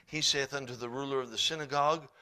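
A man preaching a sermon, reading scripture in old-fashioned wording and swinging between hushed, quiet passages and loud, emphatic ones. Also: mid-range voice, fairly even intonation, fast talker, clear, resonant tone. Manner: reads scripture in King James wording.

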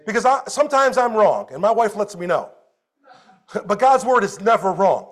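A man preaching a sermon as a pastor at a church service, animated, moving between loud exclamations and quiet storytelling. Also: high voice, normal speed.

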